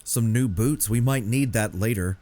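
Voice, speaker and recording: A man's voice: lowish voice, moderate pace, a little mellow. A young man giving casual, joking commentary while playing a video game at home. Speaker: gameplay commentator. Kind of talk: casual let's-play commentary.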